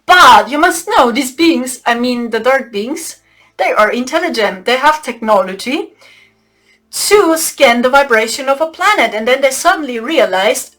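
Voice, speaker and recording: Excitable woman telling a spiritual story. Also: sits high, moderate pace. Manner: laughs often, excitable, conspiratorial whispers. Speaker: spiritual channel host.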